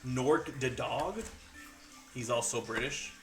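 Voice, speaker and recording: Guy rambling and joking with chat while he paints, bright voice, faint music behind. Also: mid-range voice, slow. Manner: jokey, rambling, talks to chat. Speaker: streamer. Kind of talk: casual livestream chat while painting miniatures.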